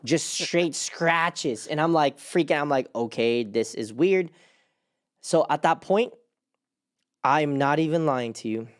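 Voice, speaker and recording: A young man chatting as a host with a slightly high, smooth, clear voice. He rambles through a personal story and leans on "like". When he replays his fear, his voice leaps up sharply. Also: slow pace. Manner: animated, jumps up in pitch when retelling his panic; rambling with many restarts and "like". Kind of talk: casual storytelling chat.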